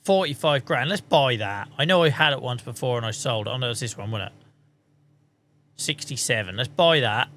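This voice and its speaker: A man streams a farming game and talks through it in loose, mid-pitched chat. He mutters to himself, cracks jokes and swears as he plays. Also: animated, moderate pace, fairly bright tone. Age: adult. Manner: chatty, swearing, joking, mutters while playing. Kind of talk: casual live-stream chat.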